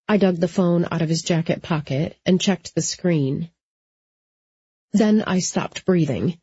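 Husky, mellow woman reading a novel. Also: on the low side, moderate pace, no echo. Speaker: audiobook narrator. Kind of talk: first-person novel narration. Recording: dry, slightly dull studio recording.

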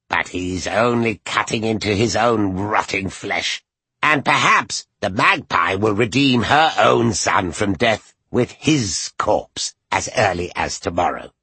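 A man doing a hoarse, cackling old witch. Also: lowish voice, sharp tone, no room sound, full character voice. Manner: feverish, rushing, spiteful. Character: feverish, scheming old woman, a cackling witch.

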